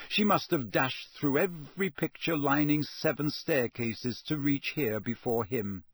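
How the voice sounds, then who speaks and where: Man narrating an audiobook, measured. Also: medium pitch, slightly rough, no room sound, clean studio sound. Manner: measured, steady storytelling.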